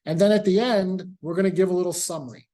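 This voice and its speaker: A man's voice: high-pitched, fast talker, warm tone. Casual male math professor lecturing. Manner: casual, repeats key points, speaks to students directly. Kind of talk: classroom lecture.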